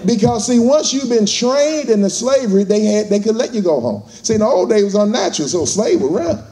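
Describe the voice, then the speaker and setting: A man's voice: sits high, lively intonation, fairly quick, mellow. A man giving a fired-up motivational speech to a live audience, using call-and-response and acting out voices. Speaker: motivational speaker.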